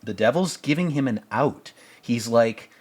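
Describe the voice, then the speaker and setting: A man's voice: medium pitch, animated, unhurried, a little mellow. A man hosting a casual film commentary, rambling, profane and sarcastic as he picks apart a movie. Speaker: podcast host reviewing a film.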